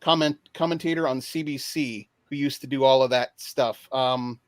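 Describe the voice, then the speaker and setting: A man's voice: mid-range voice, steady tone, normal speed, no room sound. A man from Canada, a guest on a casual online panel chat, talking hesitantly with many fillers and restarts. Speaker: guest picking favorite films.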